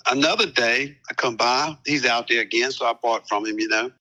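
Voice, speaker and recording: An older man, a retired police captain, calmly recounting a past event as an interview guest, with many fillers and repetitions. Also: mid-range voice, brisk, low-quality recording. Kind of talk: storytelling interview.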